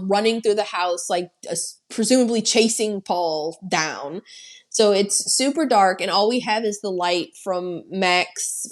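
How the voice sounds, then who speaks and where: A woman co-hosting a podcast, retelling a horror film in casual, profane chat and acting out the characters' lines. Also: medium pitch. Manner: animated, profane storytelling with acted-out quotes. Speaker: podcast co-host.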